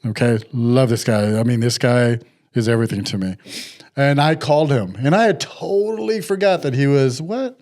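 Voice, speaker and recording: A middle-aged man telling a story in casual podcast chat, animated and acting out the people he quotes. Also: mid-range voice, normal speed.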